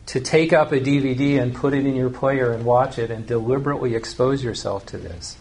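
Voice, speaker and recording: A man preaching a sermon, earnest and teaching, slowing down to stress key phrases. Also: mid-range voice, a little mellow. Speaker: pastor.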